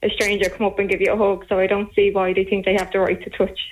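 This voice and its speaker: A woman's voice: medium pitch, completely flat delivery, quick pace, poor audio. Woman caller, full of "like". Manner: talks with lots of "like". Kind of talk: phone-in chat.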